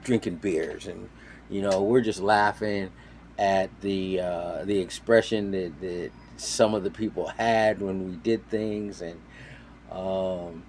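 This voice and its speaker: A man with a fairly low voice tells a story in a relaxed, casual way. He acts out the people he quotes, turning suddenly loud and then dropping to quiet asides. A faint hiss of noise sits under the recording. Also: slow. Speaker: storyteller on a talk show.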